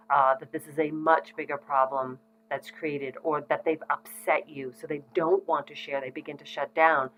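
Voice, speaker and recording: Middle-aged woman, low pitch, casual parenting educator, relaxed and conversational. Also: rough recording. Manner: frequent ums, conversational and reassuring. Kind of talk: casual instructional talk to parents.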